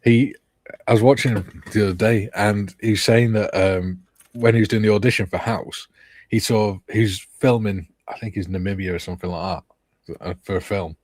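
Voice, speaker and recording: A man's voice: on the low side, steady tone, moderate pace, a little mellow, no echo. A man hosting a live chat stream, easygoing and casually reading out viewers' comments. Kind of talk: casual chat while painting models.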